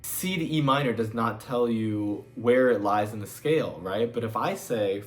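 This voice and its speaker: A man's voice: mid-range voice, normal speed. A man giving a casual guitar lesson in a loose, chatty way, sometimes singing the chord numbers. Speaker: music teacher. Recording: loud guitar playing behind the voice.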